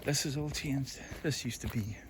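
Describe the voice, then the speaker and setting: A man's voice: mid-range voice, normal speed. A man from Northern Ireland with a Derry accent, chatting in a rambling, self-deprecating way as he films himself walking outdoors on a phone stick. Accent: Northern Irish, Derry. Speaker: vlogger. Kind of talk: rambling walk-and-talk chat. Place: outdoors on a rural hill walk. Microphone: phone on a selfie stick. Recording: phone mic with clear outdoor background noise. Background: birds and outdoor noise.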